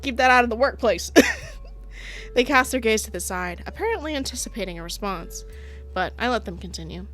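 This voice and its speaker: A woman's voice: a little high, animated, brisk, a bit bright, faint music behind. A woman streaming a visual novel, reading it aloud with playful, giggly commentary. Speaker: gaming streamer.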